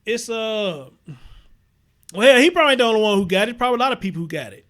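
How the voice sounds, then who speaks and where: Houston livestream host, high-voiced man, blunt and profane, repeats points, greets chatters. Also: expressive, fast talker, a bit bright. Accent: Southern US, Houston. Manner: blunt, profane, repeats himself, reads viewer comments aloud. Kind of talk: casual livestream commentary.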